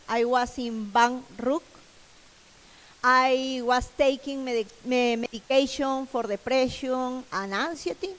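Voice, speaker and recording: A woman with a strong Spanish accent gives a motivational keynote in a large event hall. Her voice is high, her English halting, and she repeats herself earnestly. Long reverb trails her words. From Latin America. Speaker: keynote speaker. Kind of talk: motivational stage talk.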